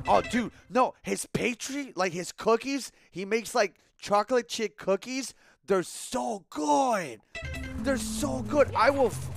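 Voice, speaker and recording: A man with a high-pitched voice chats casually as he streams a game, telling stories in an animated, swear-heavy way. Game music plays clearly underneath him. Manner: animated, profane storytelling. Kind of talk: casual chat while streaming gameplay.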